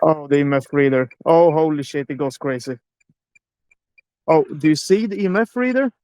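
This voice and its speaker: A nervous man streams live while ghost hunting in an old abandoned house, pressing the spirit box with jumpy questions and frequent curses. His voice sits a little high for a man, and the sound is close and dry with almost no room echo. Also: normal speed, darkish tone, clean tone. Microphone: handheld phone on a live stream.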